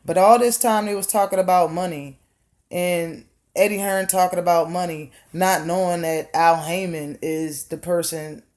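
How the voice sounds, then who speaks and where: A woman's voice: fairly low pitch, steady tone, moderate pace, a little mellow. Blunt, profane woman ranting. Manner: blunt, profane, heated rant; rhetorical questions, repeats words for emphasis. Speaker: vlogger. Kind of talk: opinion rant vlog.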